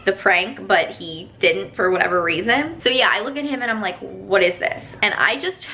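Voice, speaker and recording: A woman's voice: medium pitch, fairly quick, sharp tone, a little hiss or hum. A woman telling a personal story to her viewers in a casual, rambling vlog, full of "like" fillers. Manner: chatty, rambling, lots of "like" fillers. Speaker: vlogger.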